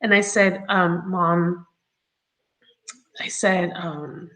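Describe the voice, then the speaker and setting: A grown woman telling her own story as an interview guest, chatty and halting with many ums and laughs along the way. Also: mid-range voice, a bit bright, poor audio. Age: adult.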